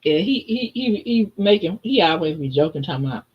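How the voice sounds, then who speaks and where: A woman chatting as a guest on a live stream, telling stories in a lively way and laughing often. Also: fairly low pitch, a little fast, highs cut off, crowd noise. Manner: animated, laughs often, acts out voices in her stories. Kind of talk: casual storytelling.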